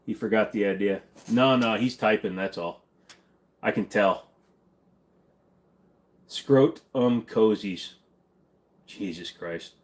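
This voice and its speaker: A man's voice: lowish voice, slow, pauses often. A man hosting a casual livestream, chatting loosely with viewers, joking and rambling with lots of fillers and restarts. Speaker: livestream host. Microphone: desk microphone.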